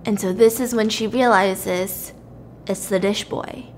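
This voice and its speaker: A woman podcast host casually retelling a movie plot, chatty and animated with plenty of filler words. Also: medium pitch, a little slow, a little hiss or hum.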